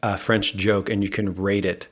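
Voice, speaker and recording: An American-accented man hosts a podcast with an energetic, joking manner. His voice sits a little low, and he keeps the chat light and upbeat. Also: normal speed, slight background noise. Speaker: podcast host.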